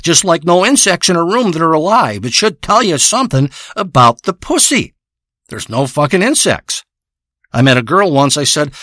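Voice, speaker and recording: Man, crude profane rambling monologue, bright edgy voice, dry close sound. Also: fairly high pitch, sing-song, moderate pace, dry recording. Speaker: comedic storyteller.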